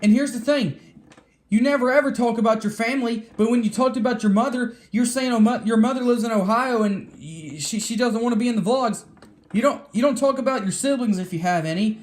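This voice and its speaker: A man's voice: very high voice, fairly quick. A man vlogging, ranting angrily at other online figures, cursing and repeating himself as he gets worked up. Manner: heated, profane, repeats and restarts words. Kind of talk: angry rant to camera.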